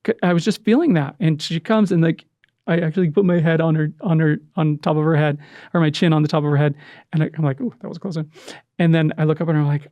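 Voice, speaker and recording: A middle-aged man telling an emotional personal story in conversation, earnest and halting, with many restarts. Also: a little high, steady tone, no echo, narrow, tinny audio. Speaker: podcast guest, adoptive father.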